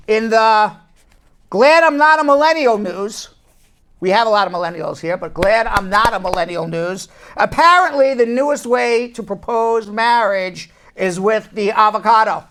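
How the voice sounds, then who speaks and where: A man hosts a call-in show as an immigration lawyer, ranting with animated indignation before taking callers' questions. His voice sits high and he talks at a normal speed.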